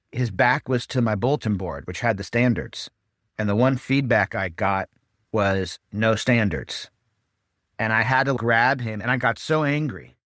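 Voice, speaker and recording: A man's voice: fairly low pitch, a bit bright, no room sound, clean studio sound. A man hosting an interview, conversational and telling a short story from his own teaching. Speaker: host. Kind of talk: interview hosting, casual anecdote.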